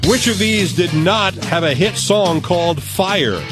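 A middle-aged man runs a radio quiz from the studio, moving briskly through the questions with a joking edge. His voice sits a little high, and faint music plays beneath him. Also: animated. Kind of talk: radio quiz show hosting.

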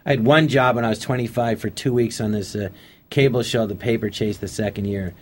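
A man's voice: on the low side, fairly even intonation, a little fast, a little hiss or hum. A middle-aged man telling show-business anecdotes in casual conversation, acting out the voices of people he quotes. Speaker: interview guest. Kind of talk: casual storytelling.

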